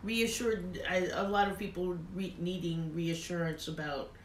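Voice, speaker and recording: A woman's voice: on the low side, steady tone, a little slow. A woman moderating questions for a teacher, asking hesitantly with fillers. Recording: echoey room with background noise.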